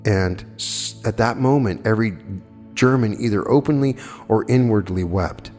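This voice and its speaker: This old archival lecture, heavy with long hall reverb and faint music, features a man whose lowish, darkish voice moves at a moderate pace. He argues plainly through rhetorical questions and answers his audience's questions.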